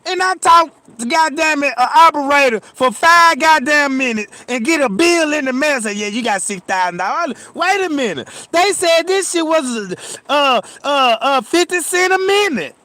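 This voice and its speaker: High-voiced man ranting to viewers. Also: measured pace, no room sound. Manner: animated, profane, keeps addressing viewers. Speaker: commentator reacting to a video. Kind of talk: reaction commentary.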